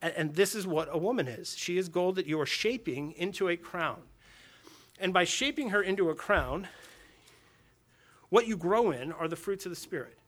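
A man delivers a sermon to a gathering of men in a slightly high voice. He preaches in a casual, talking way, asks rhetorical questions and says key lines twice. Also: expressive, moderate pace, a bit bright. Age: adult with a daughter and wife. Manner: conversational preaching with rhetorical questions and repeated phrases. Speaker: pastor.

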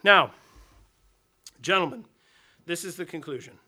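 A man's voice: on the high side, fairly quick, fairly bright tone. Man preaching in a conversational voice. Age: adult with a daughter and wife. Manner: conversational preaching with rhetorical questions and repeated phrases. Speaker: pastor. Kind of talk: sermon to a men's gathering.

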